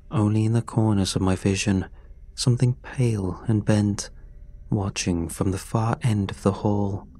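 A man narrating a scripted horror story in a slow, measured, grim way. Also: lowish voice, dark tone. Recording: dry close voice over faint music. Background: faint music.

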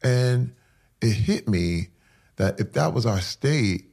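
A man with a gravelly, husky voice gives a candid interview. He tells heartfelt personal stories in an earnest way, with a roughness and a bit of breath in his tone. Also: mid-range voice, animated, slow pace, a little mellow. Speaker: interview guest.

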